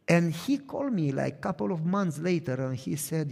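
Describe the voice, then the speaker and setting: A man's voice: on the high side, slow, gravelly, long pauses. A middle-aged man preaching a sermon as pastor, telling stories and acting out conversations. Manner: animated storytelling, acting out dialogue. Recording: long reverb of a large hall.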